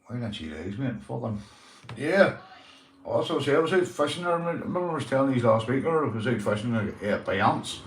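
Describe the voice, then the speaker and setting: A man's voice: mid-range voice, very animated, normal speed, reverberant, slight background noise. A young man with a Northern Irish accent, hosting a casual livestream, greeting viewers and swearing freely, calling everyone mate. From Northern Ireland. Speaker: livestream host.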